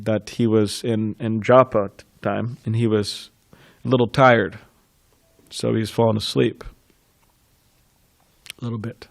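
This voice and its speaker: Low-voiced man giving a temple class. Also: no echo, studio quality. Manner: informal, anecdotal, laughs softly between thoughts. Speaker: scripture class speaker. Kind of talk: reminiscing temple class talk.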